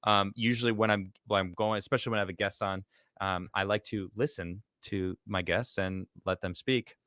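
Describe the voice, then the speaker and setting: A man with a lowish, bright, forceful voice hosts a casual live stream. He jokes loosely and reads out comments from viewers. The sound is dry and close. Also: steady tone, normal speed, dry recording. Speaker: host.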